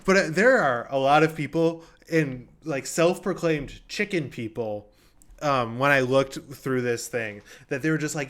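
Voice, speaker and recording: A man's voice: medium pitch, normal speed, a bit bright. A man hosting a game show, chatting loosely with frequent ums. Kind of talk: casual hosting banter.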